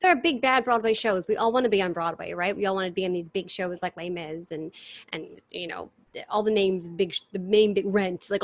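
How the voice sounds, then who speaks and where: A woman, chatting as an interview guest in animated, restart-filled stories over a video call. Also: medium pitch. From New York City. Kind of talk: casual chat.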